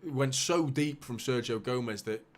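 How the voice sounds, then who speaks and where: A man hosting a live football watchalong, calling the play with bursts of excitement and muttered asides. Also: mid-range voice, normal speed. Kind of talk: live match commentary for a fan watchalong.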